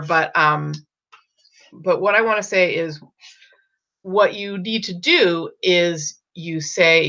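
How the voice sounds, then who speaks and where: A middle-aged woman talks parents through a problem in a casual, unscripted way, stopping often with ums and restarting her sentences. Her voice sits low with a gravelly fry. The recording sounds dull and lo-fi. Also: bright, forceful tone. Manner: thinks aloud with many ums and restarts. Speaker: parenting coach. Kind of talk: casual advice talk.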